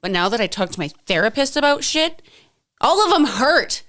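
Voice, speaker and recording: Frank, relaxed podcast host woman. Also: sits high, normal speed. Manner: frank, relaxed, swears freely. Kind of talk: casual chat.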